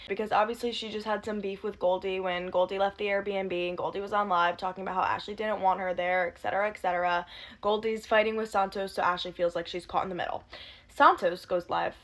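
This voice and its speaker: A young woman recapping drama in a casual, fast and sarcastic gossip style, swearing freely. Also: medium pitch, a bit bright. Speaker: commentary youtuber.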